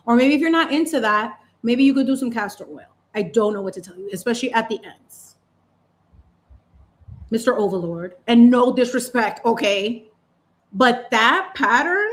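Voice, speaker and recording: A woman hosting a casual paint-along chat, talking in a chatty, playful way with lots of slang. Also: fairly high pitch. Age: adult parent. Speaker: channel host.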